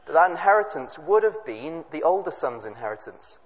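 A man's voice: fairly high pitch, sing-song. Man preaching in an echoey hall. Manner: chatty, talks straight to the children, quick asides. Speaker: preacher at a family service. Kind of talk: reading and explaining a Bible story to children and parents. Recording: echoey hall, dull lo-fi sound, faint noise.

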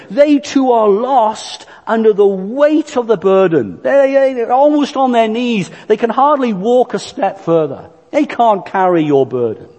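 A man preaching with a high, light voice, slow and deliberate. His earnest sermon carries a long reverb tail from a church hall. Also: darkish tone.

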